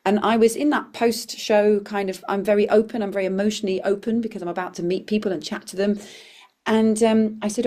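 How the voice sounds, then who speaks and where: A woman's voice: medium pitch, fairly even intonation, brisk, mellow. A woman comedian and performer, a podcast guest, telling a story in an earnest, reflective way with frequent restarts. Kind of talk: conversational storytelling.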